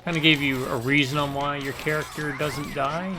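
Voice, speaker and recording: A man's voice: fairly high pitch, level tone, moderate pace, bright, forceful tone, a little hiss or hum. A man hosting a co-op gaming stream, chatting casually and rambling into jokey asides about old games. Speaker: co-op gaming channel host. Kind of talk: casual gameplay chat.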